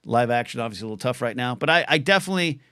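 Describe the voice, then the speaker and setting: Animated rambling male podcast host. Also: medium pitch, very fast, clear, resonant tone, dry recording, studio quality. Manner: rambling, animated, restarts often, reads out chat questions. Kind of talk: livestream Q&A ramble.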